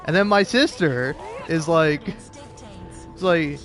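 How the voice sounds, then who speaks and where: A young man with a somewhat high voice tells a meandering personal story while playing a video game. He trips over his words, restarts often, laughs and curses casually. Game music plays clearly behind him. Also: expressive, takes it slowly, a bit bright. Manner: rambling, self-interrupting, laughs often, swears. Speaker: gaming video creator.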